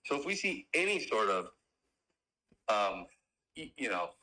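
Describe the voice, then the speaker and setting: A man's voice: on the low side, very animated, measured pace, pushed and bright, low-quality recording. A man on a call explaining his stock trades in a rambling way, with many restarts. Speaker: guest trader. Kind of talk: casual trading talk on a call.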